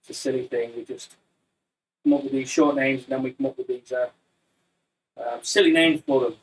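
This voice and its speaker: A man's voice: medium pitch, fairly even intonation, fairly quick, a little hiss or hum. A man teaching an online Muay Thai class from his living room, chatty and jokey, rambling between instructions. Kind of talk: casual live online class chat. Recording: distant, slightly roomy sound.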